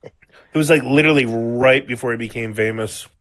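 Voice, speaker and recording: A man's voice: mid-range voice, moderate pace, fairly bright tone. A man co-hosting a casual podcast, recounting a story at length with lots of "like" and the odd swear word. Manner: rambling storyteller, heavy use of "like", swearing. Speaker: podcast co-host.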